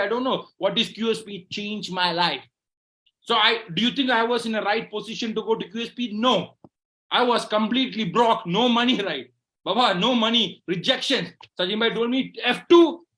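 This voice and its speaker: Male motivational speaker, high bright voice, fervent and repetitive, rallying a live crowd. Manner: fervent, repetitive, asks "right?" constantly. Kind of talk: motivational speech to a live audience.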